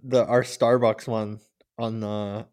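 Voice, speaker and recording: A man's voice: fairly low pitch, level tone, takes it slowly, darkish tone, dry recording. A man in casual podcast chat, joking and laughing as he tells a story. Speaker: podcast guest.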